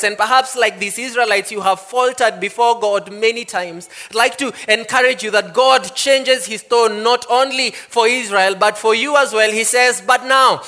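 A man preaching a sermon, reading scripture and then laying out his points with slow, emphatic stress. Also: extremely high pitch, pushed and bright. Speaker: pastor.

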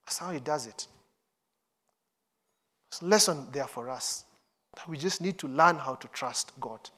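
A man's voice: high-pitched, animated, unhurried, long pauses, a bit bright. A man preaching a sermon, reading scripture and acting out the quoted voices with urgency.

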